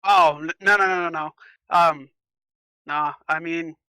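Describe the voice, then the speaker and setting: A man talking as a race driver in a post-race interview, explaining his strategy with steady frustration. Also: fairly high pitch, a little slow, creaky, clean tone, no echo, low-quality recording.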